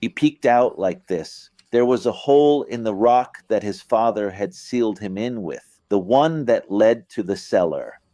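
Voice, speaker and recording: Low, dark-toned man teaching casually. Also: expressive, a little slow, hardly any pauses, no room sound. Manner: conversational, asks listeners "you get it?"; acts out phrasings with vocal emphasis. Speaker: religious teacher. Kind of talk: informal explanatory lecture.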